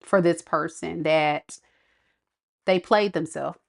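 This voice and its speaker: A woman's voice: low-pitched, fairly even intonation, slow, creaky. A woman giving a casual tarot reading, chatty, blunt and sassy with her viewers. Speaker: tarot reader.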